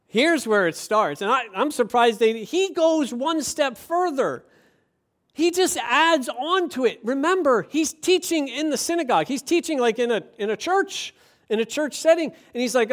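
A man's voice: extremely high pitch, lively intonation, measured pace, a bit bright. A man preaching a sermon as pastor, emphatic and conversational, often asking rhetorical questions.

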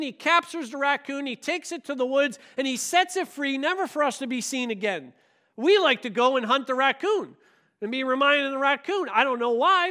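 Bright high-voiced male preacher. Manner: animated storytelling, shifts between loud and hushed. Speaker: pastor. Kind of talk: sermon.

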